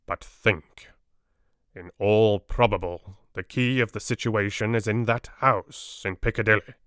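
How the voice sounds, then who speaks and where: A wise, patient old Dutch professor , as a male audiobook reader puts him on, lays out his reasoning in slow, deliberate, broken English. The voice sits a little low. It is recorded close and dry, with no room around it. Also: steady tone, a bit bright, dry recording. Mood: urging. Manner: broken, foreign-sounding English phrasing, grave and measured. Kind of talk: audiobook character reading.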